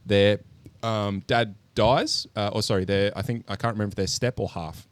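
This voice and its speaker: Deep-voiced man retelling a film, animated. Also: moderate pace, dry recording. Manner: animated storyteller, swears freely, lots of ums. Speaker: podcast co-host. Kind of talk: casual podcast chat, movie review.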